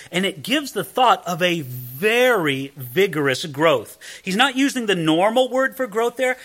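A man's voice: high voice, sharp tone. A man teaching a verse-by-verse Bible study, explaining emphatically and putting questions to his listeners.

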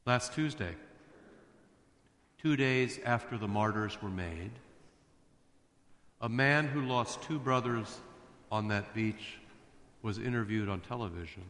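Emphatic preacher in an echoing church. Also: male voice, fairly low pitch, slow, long pauses, fairly bright tone. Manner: emphatic, rising to fervent declarations. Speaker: pastor. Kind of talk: sermon. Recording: echoey hall reverb.

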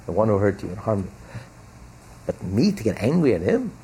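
A man's voice: fairly low pitch, big pitch swings, a little fast, dark tone, slight background noise. A man teaching as a rabbi, giving an emphatic religious lecture full of rhetorical questions and repetition.

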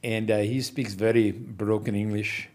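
A man guest in an interview, a business investor casually telling animated stories, chuckling and restarting his sentences as he goes. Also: fairly low pitch, measured pace.

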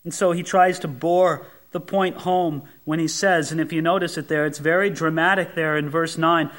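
A male pastor delivering a sermon, animated and emphatic, asking the congregation rhetorical questions and swinging between emphatic rises and hushed drops. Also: fairly high pitch, normal speed. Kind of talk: expository sermon.

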